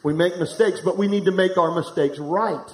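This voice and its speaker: A middle-aged pastor preaching live to a congregation, candid and humorous, telling a personal story and speaking to the room directly. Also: male voice, high-pitched, moderate pace, slight background noise. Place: church hall, live before a congregation. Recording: echoey room.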